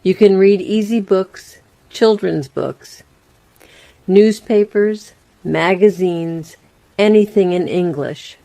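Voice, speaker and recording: A woman narrates a scripted English lesson in a slow, deliberate way, leaving room between phrases. Her voice is mellow and fairly low, and it sounds dry and close with no room around it. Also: creaky, no room sound. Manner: slow, plain and carefully spaced. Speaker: English teacher.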